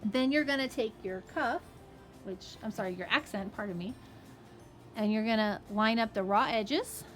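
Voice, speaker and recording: Woman, fabric shop owner, casual sewing tutor, slightly high voice, friendly asides, soft music behind. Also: normal speed. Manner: chatty, friendly asides, frequent "okay?" and "right?".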